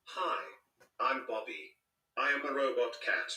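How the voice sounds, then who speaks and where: A man's voice: medium pitch, measured pace. A man voicing a snarky robot cat. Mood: mocking. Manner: mocking, insulting deadpan commentary. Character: snarky sarcastic robot cat narrator, male. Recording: echoey, distant from the mic, played from a video.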